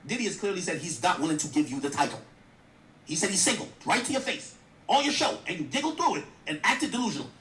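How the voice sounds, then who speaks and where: A man's voice: high-pitched, sing-song, fast talker, pushed and bright, reverberant, distant mic. A man giving blunt, profane, mocking commentary in a rant. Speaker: streamer commentator. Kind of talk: ranting commentary.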